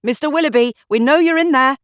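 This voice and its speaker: A woman puts on a keyed-up young police constable for an audiobook. He calls out high and loud, bursting with urgency, his voice leaping about as he hammers on doors. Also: lively intonation, a little fast, no room sound, clean studio sound. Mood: urgent shouting. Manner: urgent, shouting.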